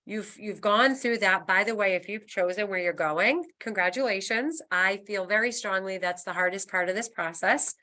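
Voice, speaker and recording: Woman senior move manager talking on a webinar, bright voice, gentle encouraging coaching. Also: medium pitch, normal speed, hardly any pauses. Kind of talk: webinar presentation.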